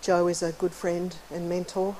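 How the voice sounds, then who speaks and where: Mellow-voiced woman lecturing. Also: on the low side, level tone, moderate pace, slight background noise, rough recording. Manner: friendly and chatty, frequently clears her throat. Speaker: conference keynote speaker, psychologist. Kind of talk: conversational lecture. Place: university lecture hall.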